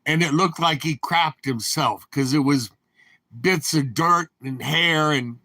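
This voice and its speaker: A man's voice: fairly high pitch, takes it slowly, bright, forceful tone, dry recording. An older man telling rambling, anecdotal stories in his own voice. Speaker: storyteller. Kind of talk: rambling storytelling.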